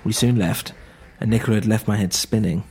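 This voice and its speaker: A man's voice: on the low side, fairly even intonation, brisk, darkish tone, slightly rough. A man narrating a serialized first-person story in a tense, introspective way.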